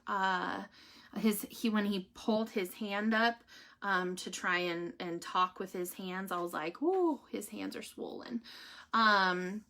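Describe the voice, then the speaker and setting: Bright, chatty young woman. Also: medium pitch, flat delivery, slow pace. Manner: chatty, many fillers and restarts. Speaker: vlogger giving a family update. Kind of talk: casual chat to viewers, reading a devotional aloud.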